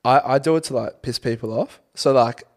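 A man's voice: medium pitch, fairly quick. A young man co-hosting a podcast, talking in blunt, sweary, laddish banter. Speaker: podcast co-host. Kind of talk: casual chat.

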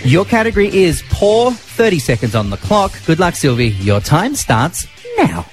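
Male breakfast host, animated quiz presenter, faint music bed. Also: on the high side, normal speed. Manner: jokey, hosting a quiz game. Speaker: radio host. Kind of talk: breakfast radio banter.

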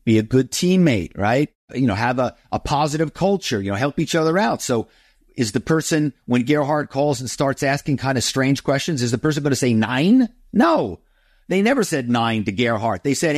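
A man's voice: mid-range voice, lively intonation, normal speed, no room sound, clean studio sound. A middle-aged man, a guest author, telling stories in an interview and acting out phone calls in other voices. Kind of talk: interview storytelling.

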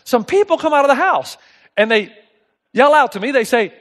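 High-voiced pastor preaching with animated storytelling. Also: male voice, normal speed. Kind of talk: sermon.

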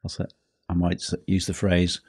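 A man hosting a teaching podcast, talking in a measured way and slowing down for emphasis. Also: low-pitched, completely flat delivery, a little mellow, slightly rough, dry recording, studio quality. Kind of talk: scripted podcast talk.

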